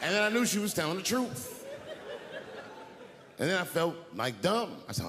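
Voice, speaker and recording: Middle-aged man, stand-up comedian, animated storytelling, lively pitch swings, loud audience and noise. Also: normal speed, long pauses. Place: large theater on stage. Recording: big hall, loud crowd and noise. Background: audience laughter and applause.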